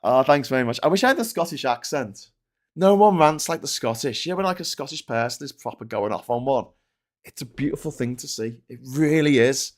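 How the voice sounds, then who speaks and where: A man's voice: mid-range voice, animated, brisk. A man hosting a livestreamed news show, ranting in exasperation about the day's stories and reading out viewer chats.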